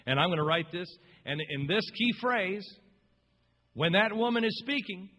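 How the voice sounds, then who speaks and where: A man putting on a loud, fawning, theatrical voice for a scheming, flattering ad man. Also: sits high, normal speed, pitched above the performer's own voice. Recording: long reverb.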